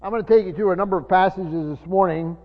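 A man preaching a sermon, teaching from the Bible in a halting way with many fillers and restarts, slowing down to stress key words. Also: high voice. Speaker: pastor. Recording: muffled sermon recording in a reverberant hall.

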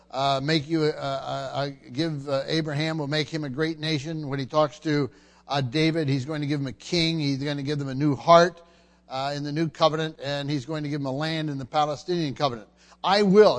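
A man preaching a verse-by-verse Bible teaching sermon, pausing often on fillers and restarting his sentences. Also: on the high side. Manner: halting delivery with frequent fillers and restarts. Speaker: pastor. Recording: long hall reverb.

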